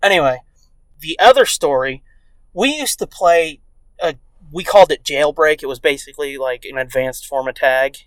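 A man's voice: a little high, normal speed, no room sound. A man co-hosting a casual podcast, telling profane stories and acting out the people in them. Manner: profane, animated, acts out quoted voices. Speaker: podcast co-host. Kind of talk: casual crude storytelling.

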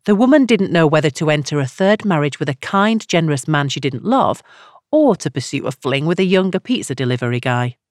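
Woman audiobook narrator, low voice, dry studio sound. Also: very animated, brisk, no room sound. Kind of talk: scripted narration.

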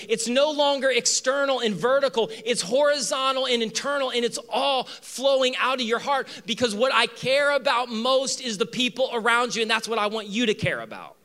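A man preaching a sermon to his church, animated, acting out voices in the story and moving between loud emphasis and quiet asides. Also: extremely high pitch, moderate pace, hardly any pauses. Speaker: pastor. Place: church with two campuses.

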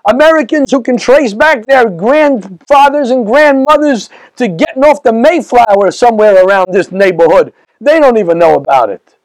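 Very high-voiced man lecturing. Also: moderate pace, no echo, poor audio. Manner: animated, rhetorical, questions the audience. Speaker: rabbi. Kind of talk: lecture to a live audience.

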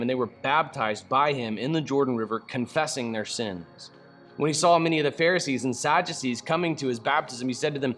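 A man giving a casual Bible teaching, reading scripture aloud and breaking into slangy, animated asides with laughter. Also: mid-range voice.

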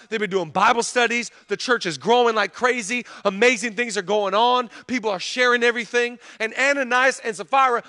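A man in his thirties preaching a sermon, chatting with the crowd and building to loud preaching in a church. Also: very high-pitched. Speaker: pastor. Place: large church hall. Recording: long hall reverb.

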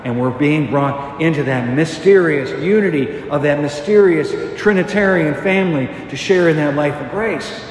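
A man's voice: fairly high pitch, normal speed, hardly any pauses. A man giving a conversational homily as a parish priest, briefly acting out the voices of biblical figures. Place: large church. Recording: echoey church hall, some noise.

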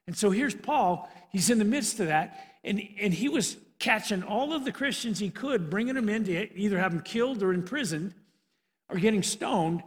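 A male preacher with a notably high voice tells the story with animated energy. He often restarts his sentences. The sound has a long reverb from the church hall. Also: moderate pace. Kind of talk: sermon.

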